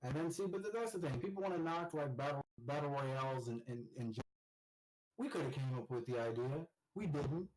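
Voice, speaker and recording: Animated man telling gaming stories. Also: mid-range voice, brisk, low-quality recording. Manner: animated storyteller, shouts when quoting teammates. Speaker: podcast co-host. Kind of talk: casual gaming chat.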